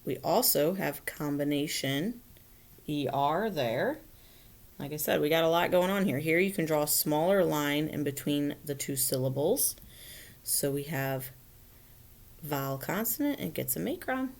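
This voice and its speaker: This recorded phonics lesson for children features a woman teacher with a deep, creaky voice who speaks expressively and unhurriedly. She explains patiently, step by step, frequently asking "right?" to check in with her students.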